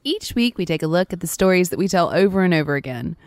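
A woman co-hosting a podcast, chatting in an animated way with quick asides. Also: fairly low pitch, no echo, studio quality. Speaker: podcast co-host. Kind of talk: casual podcast banter.

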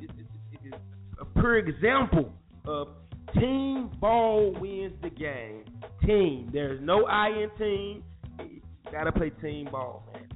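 Heated, cussing man with tinny phone sound. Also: on the high side. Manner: profane, heated, repetitive ranting. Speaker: show host. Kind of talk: casual sports rant. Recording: tinny phone-like audio with faint music.

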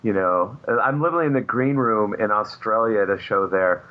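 A man's voice: fairly low pitch, a little fast, dull audio. A man who is a comic book artist, a guest chatting casually and rambling with many fillers. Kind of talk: casual chat.

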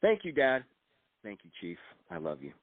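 Speaking fairly low with huge pitch swings, the elderly guest author sounds dry and tinny, as if on a phone, with no room sound. The former agent reflects gently during the interview and reads from his book, pausing and restarting as he speaks.

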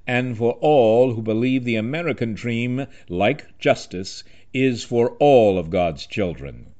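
A man hosting a talk radio show, reading a scripted political commentary in an impassioned, rhetorical way, building long lists. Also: fairly low pitch.

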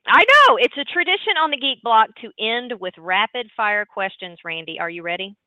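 A woman's voice: a little high, no echo. Chatty woman on a phone line. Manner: chatty, lively, quick to laugh. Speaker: podcast host. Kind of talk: casual interview chat.

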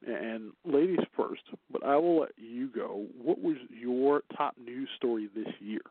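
A man's voice: medium pitch, unhurried, no room sound. A man co-hosting a casual news chat show, chatty and teasing, laughing often. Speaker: co-host. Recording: dry, tinny phone-like line.

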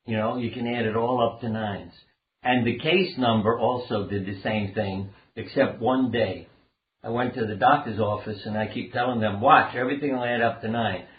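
An older man speaks as an interview guest, earnest and rambling as he tells anecdotes. His voice sits low, and it comes through a thin, phone-like line. The space around him sounds roomy and echoey. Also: fairly even intonation, normal speed. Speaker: guest, doctor and author. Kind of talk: conversational storytelling interview.

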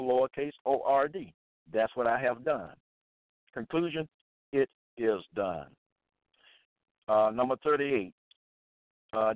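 A man preaching and reading Bible verses aloud, repeating phrases emphatically and deliberately. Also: mid-range voice, dry recording. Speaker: Bible teacher. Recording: dry tinny phone-like sound.

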